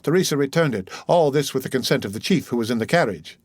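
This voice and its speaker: A man's voice: mid-range voice, expressive, fast, darkish tone, slightly rough, dry recording, studio quality. A man reading an audiobook, voicing a bandit messenger who speaks with deferential respect and gratitude. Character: grateful, devoted male bandit messenger.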